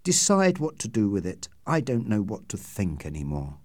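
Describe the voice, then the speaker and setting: A man's voice: on the low side, huge pitch swings, moderate pace, no echo, clean studio sound. A man reading the part of an anxious, secretive middle-aged doctor in an audiobook, pleading and reassuring earnestly. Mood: troubled.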